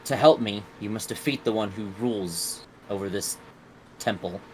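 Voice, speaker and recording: A weary, aloof jinni who lives by contracts, as a game master puts him on, his voice a touch lower than the speaker's own. He speaks slowly and gravely in clipped pronouncements, with a faint hiss of noise under the tabletop session. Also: natural voice, rough recording. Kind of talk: tabletop role-play voicing.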